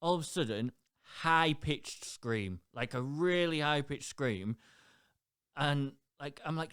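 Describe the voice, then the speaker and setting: A young man co-hosting a podcast, telling stories in an animated, casual way. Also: fairly high pitch, slow pace, smooth, no echo, clean studio sound. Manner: animated storytelling, swears freely. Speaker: podcast co-host. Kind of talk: casual chat.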